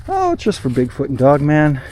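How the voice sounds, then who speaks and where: Paranormal vlog host, male, mellow tone, excitable running narration outdoors at night. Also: on the high side, slight background noise. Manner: excitable and jumpy, talks to himself, quick nervous laughs. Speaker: paranormal investigator, channel host. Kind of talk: solo night walk-and-talk narration. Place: outdoors in snowy woods at night.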